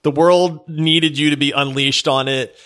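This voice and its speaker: A man's voice: on the high side, fairly even intonation, unhurried, fairly bright tone. A man voicing an ancient male demon prince of revelry, smug and amused.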